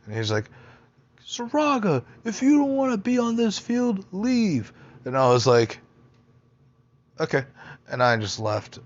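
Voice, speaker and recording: A man's voice: lowish voice, creaky, a bit bright, highs cut off. A young man casually telling personal stories, rambling, swearing a lot and interrupting himself. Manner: rambling, profane, self-interrupting. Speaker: storyteller, podcaster.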